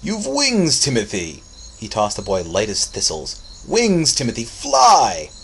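A man voicing a tall, exuberant winged uncle, shouting loud and deep in an audiobook reading. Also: animated, slow, a little hiss or hum.

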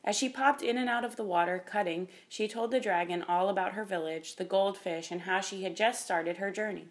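A woman narrating a children's storybook in a gentle, expressive reading voice. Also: mid-range voice, fairly quick. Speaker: audiobook reader.

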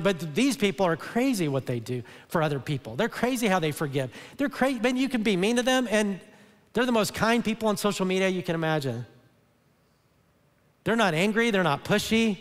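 Man, pastor, sermon, earnest, restarts often, emphatic peaks, big-room reverb. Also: sits high. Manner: earnest, repeats words and restarts often, rises to emphatic bursts. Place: large church auditorium. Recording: long hall reverb.

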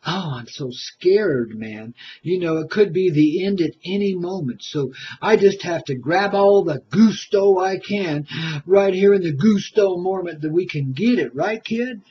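An older man hosts a comic radio show in a loose, jive style, calling everyone baby. His voice sits high for a man and he sounds a little out of breath. The recording is dull and lo-fi. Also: expressive, measured pace. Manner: hip, jokey, calls listeners baby.

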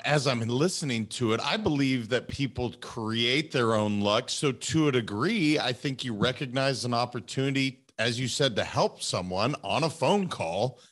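A man hosting a podcast, asking questions in a relaxed, conversational way. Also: mid-range voice, normal speed, hardly any pauses. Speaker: podcast host. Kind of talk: casual interview chat.

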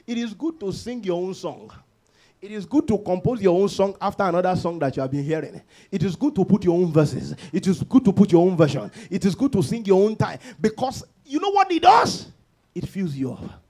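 A man preaching a church sermon, moving from calm teaching into shouted, sing-song declarations. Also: high voice, breathy edge. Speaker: pastor. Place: church service.

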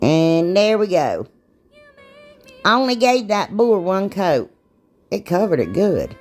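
A woman's voice: medium pitch, very animated, slow, soft background music. A woman chatting casually through a craft tutorial, rambling and self-deprecating, laughing at herself. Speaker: DIY crafts vlogger.

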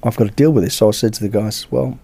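A British man, a podcast guest, telling a lively anecdote in casual chat and acting out the dialogue. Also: lowish voice, racing, gravelly. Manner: lively anecdote-teller who acts out dialogue. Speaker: podcast guest, former bodyguard.

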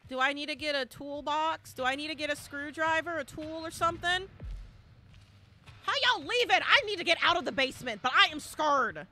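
A woman streaming a horror game live, chatting and reacting dramatically, dropping to a hush and then shrieking. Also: high voice, normal speed. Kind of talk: live gameplay commentary.

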